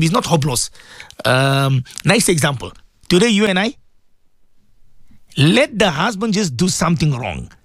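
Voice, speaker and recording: Animated husky male preacher. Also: on the high side, no echo, studio quality. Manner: animated, rhetorical, acts out quoted voices. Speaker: maulana, radio preacher. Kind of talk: sermon to radio listeners.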